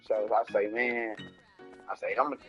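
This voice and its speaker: A man's voice: fairly low pitch, level tone, normal speed, lo-fi sound, soft background music. A man casually telling a long rambling story, repeating himself and cursing, in slangy talk. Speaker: storyteller streaming a game.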